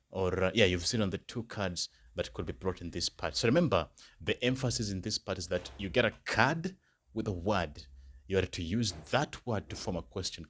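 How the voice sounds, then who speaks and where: A man tutoring for a beginner German exam, explaining in English and slowly repeating German phrases for learners. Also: on the low side, fairly bright tone. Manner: patient explainer, checks understanding with "right?" and "okay?". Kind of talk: exam-prep lesson.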